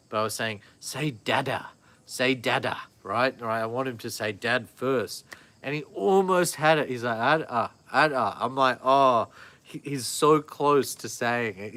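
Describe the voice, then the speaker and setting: A man's voice: medium pitch, pushed and bright. A man, chatting casually and rambling on a live vlog, often correcting himself. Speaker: vlogger. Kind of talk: casual live-stream chat.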